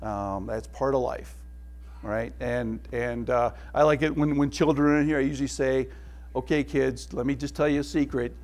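A middle-aged male pastor giving a sermon, telling family stories with laughs and dropping to a hushed tone for prayer. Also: mid-range voice, fairly even intonation, normal speed.

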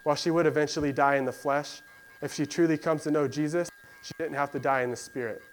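A man's voice: on the high side, steady tone, quick pace, a little hiss or hum, rough recording. A man preaching a sermon in a conversational, storytelling way, with "um" and "you know" fillers. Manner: conversational storytelling with fillers, acts out voices of biblical figures.

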